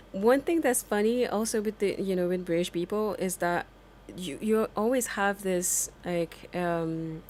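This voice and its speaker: A woman's voice: mid-range voice, darkish tone, a little hiss or hum. Chatty woman streamer with a mid-range voice. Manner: chatty, swears, laughs often. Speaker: game streamer. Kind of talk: casual gameplay commentary.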